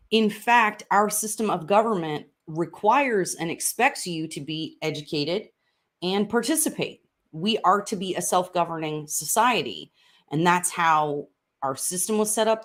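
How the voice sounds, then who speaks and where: Her voice is fairly low and her pace normal as this podcast host and congressional candidate leads an upbeat, chatty political conversation at home. Fillers pop up often, and she's in a room of a house being renovated.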